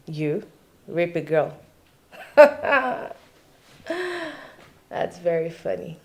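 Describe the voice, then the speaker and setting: A woman's voice: fairly low pitch, sing-song, very slow, heavily acted. An actress playing a young woman with a Nigerian accent who teases her boyfriend with laughs. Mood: teasing. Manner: teasing, laughing.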